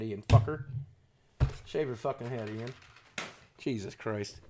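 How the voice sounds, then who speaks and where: A man's voice: a little high, very animated, unhurried, a little mellow. A man chatting casually and profanely with his stream chat while unboxing, cracking jokes. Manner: crude, profane, jokey.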